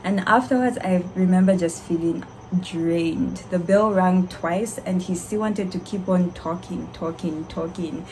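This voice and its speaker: Young woman, vlogger, lowish voice, animated storytelling. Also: a little slow, a little hiss or hum, low-quality recording. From Zambia. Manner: animated, laughing, candid. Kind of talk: casual storytelling vlog.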